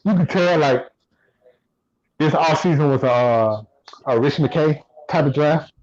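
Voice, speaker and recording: A man co-hosting a casual sports podcast, relaxed and repeating himself as he thinks. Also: on the high side, measured pace, highs cut off. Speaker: podcast co-host.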